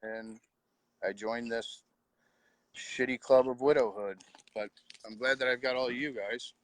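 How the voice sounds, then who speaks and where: A middle-aged man, quietly telling his own story of losing his wife, with halting pauses and heartfelt words. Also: medium pitch, steady tone, a little hiss or hum. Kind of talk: personal storytelling.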